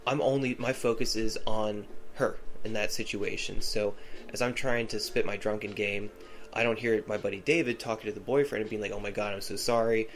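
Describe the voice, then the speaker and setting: A man's voice: on the low side, steady tone, moderate pace, soft background music. A man hosting a podcast, telling a personal story in a rambling, casual way full of fillers and restarts. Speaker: podcast host.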